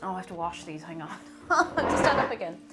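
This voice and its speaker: A woman's voice: on the low side, quick pace, loud music behind the voice. A woman chatting casually to viewers while cooking live at home, reading out messages and greeting people, sometimes drifting away from the mic. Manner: chatty, reads chat aloud and greets viewers excitedly. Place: home kitchen. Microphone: moves away from mic while cooking.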